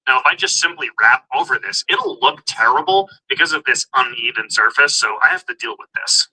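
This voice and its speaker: A man explains a hands-on car project step by step, plain and upbeat. His voice is sharp and very bright, with a husky, raspy edge, and he keeps an easy, casual how-to manner. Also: mid-range voice, lively intonation, fairly quick, rough recording. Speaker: DIY car vlogger.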